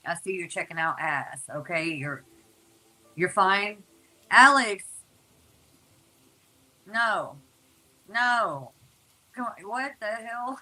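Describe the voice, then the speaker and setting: A woman's voice: mid-range voice, lively intonation, slow, long pauses, pushed and bright, low-quality recording. A woman giving a casual, chatty tarot reading to her viewers, talking informally and repeating herself. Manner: chatty, informal, repeats words, uses "y'all". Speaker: tarot reader.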